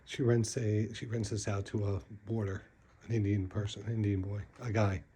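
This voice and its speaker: A husky man with a low, mellow voice answers in short, plain statements. He sounds relaxed and to the point. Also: normal speed. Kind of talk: casual investigation chat.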